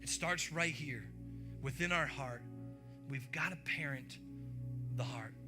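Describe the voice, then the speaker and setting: A man preaching a sermon in an animated, playful way, often asking the congregation questions. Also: mid-range voice, takes it slowly. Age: young adult to middle-aged. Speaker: pastor. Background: music.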